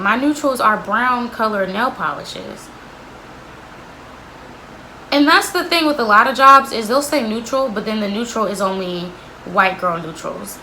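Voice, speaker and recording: A woman's voice: a little high, lively intonation, a little slow, sharp tone, a little hiss or hum, rough recording. A young woman vlogger telling a candid storytime about an old job, blunt and sweary, with lots of "like.". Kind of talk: storytime vlog.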